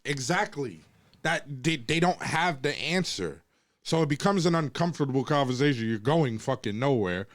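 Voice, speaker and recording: A man's voice: medium pitch, lively intonation, normal speed, no echo, clean studio sound. A man co-hosting a podcast, ranting in heated, profane casual talk and mimicking the people he quotes. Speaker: podcast co-host. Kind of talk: casual debate and storytelling.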